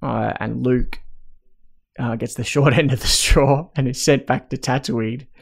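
A man's voice: mid-range voice, steady tone, measured pace, creaky, breathy edge. A man co-hosting a casual chat, recapping film scenes in detail with asides and laughs. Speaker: podcast co-host recapping a film.

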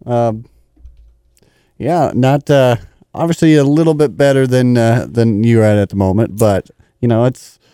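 A man's voice: medium pitch, moderate pace, mellow, smooth, no echo, clean studio sound. A man on a casual talk show, easygoing and reassuring.

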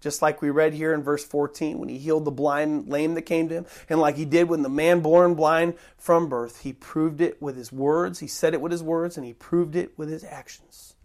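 A preacher giving a sermon, emphatic, slowing down to stress key phrases. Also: medium pitch, steady tone, a little mellow. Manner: emphatic, shifting pace with slow stressed phrases.

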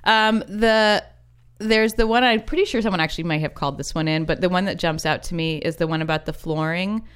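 Smooth-voiced wry female podcast host. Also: lowish voice, brisk. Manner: wry, chatty, self-deprecating. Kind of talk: casual chat.

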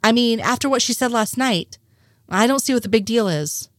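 A woman reading the lines of a nervous, innocent man, a little higher than her narration. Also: lively intonation, normal speed, no room sound, clean studio sound, natural voice. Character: nervous, well-meaning male conspiracy nerd.

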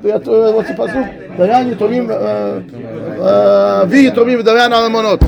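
A man teaching a Torah class as a rabbi, animated, acting out dialogue and reading Hebrew texts. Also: high-pitched, fairly quick, gravelly, a crowd in the background.

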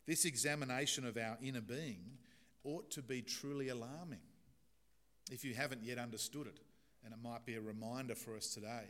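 A man's voice: mid-range voice, brisk, a bit bright. A man preaching a sermon in an earnest, emphatic way, illustrating points with a story.

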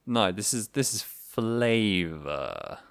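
A man's voice: fairly low pitch, huge pitch swings, takes it slowly, vocal fry, smooth, no room sound, studio quality. A young British man co-hosting a podcast, joking playfully in casual chat. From Britain. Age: young adult. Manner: playful, jokey. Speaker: podcast co-host.

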